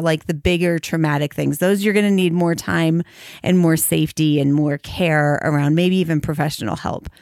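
A middle-aged woman talks through a podcast conversation in an earnest, reflective way. She slows down to lean on the words that matter most. Her voice sits a bit low, and the sound is dry and close with no room around it. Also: no echo. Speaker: podcast co-host. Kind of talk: casual conversation.

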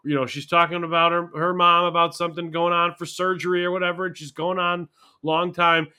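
A man co-hosting a casual wrestling podcast, talking in a relaxed way and explaining with everyday comparisons. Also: fairly high pitch, a little fast, smooth. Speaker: podcast co-host.

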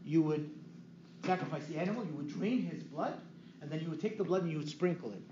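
High-voiced priest in an echoey hall. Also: male voice, fast. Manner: lively, asks the audience questions and answers them. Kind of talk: teaching sermon. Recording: echoey room, dull lo-fi sound, faint hiss.

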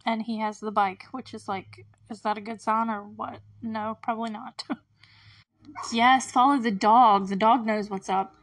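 A woman's voice: on the high side, fairly even intonation, a little slow. A woman hosting a podcast, recapping a TV episode in a casual, chatty way with lots of fillers and frequent laughs between remarks. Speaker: podcast host.

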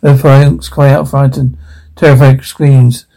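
Gravelly-voiced man reading a script aloud. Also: mid-range voice, flat delivery, mellow, low-quality recording. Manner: halting read with frequent restarts. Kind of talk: reading a drama script aloud, sound cues included.

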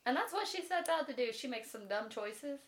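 A woman co-hosting a podcast, casually retelling book plots in an animated, chatty way, full of "like" and casual swearing. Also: sits high, brisk. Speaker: podcast co-host. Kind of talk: casual chat about books.

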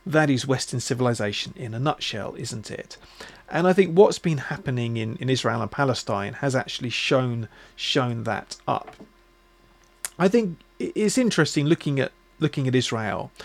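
A man hosting a podcast, talking in a musing, halting way with many restarts. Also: mid-range voice, animated, creaky. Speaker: podcast host. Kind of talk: casual reflective monologue.

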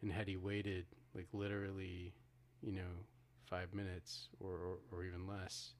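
A man with a very low voice co-hosts a podcast. He retells a film's ending in casual talk, restarting his sentences and acting out the characters' lines. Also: monotone, a little slow, slight background noise. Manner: retells scenes with acted-out quotes, frequent restarts. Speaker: podcast co-host. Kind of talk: casual film discussion.

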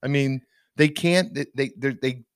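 A man's voice: mid-range voice, measured pace, clear, resonant tone, no room sound. A man co-hosting a casual podcast, ranting emphatically with frequent restarts. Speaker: podcast co-host. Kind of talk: casual opinion chat.

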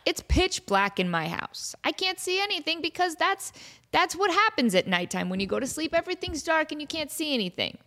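Animated self-mocking woman podcaster. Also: high voice, brisk. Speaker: podcast host. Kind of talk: casual storytelling monologue.

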